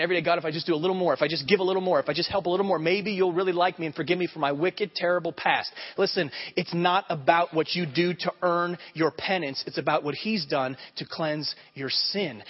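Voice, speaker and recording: Guy preaching, chatty, keeps asking okay?, slightly high voice, dull muffled church sound. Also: slightly rough. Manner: conversational, repeatedly checks in with "okay?". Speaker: pastor. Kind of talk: sermon. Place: church sanctuary. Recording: dull sound with long hall reverb.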